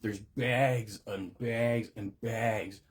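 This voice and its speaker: Male recovery host, low and husky, raw swearing monologue, fighting back tears. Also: steady tone, very slow. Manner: profane, raw, rambling with restarts. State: emotional, on the verge of tears. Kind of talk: unscripted monologue.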